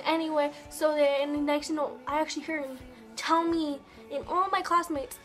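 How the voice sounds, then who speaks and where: A woman's voice: sits high, faint music behind. A woman vlogger telling a story casually and animatedly, acting out the dialogue. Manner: animated, quick bursts, acts out dialogue. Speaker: beauty vlogger.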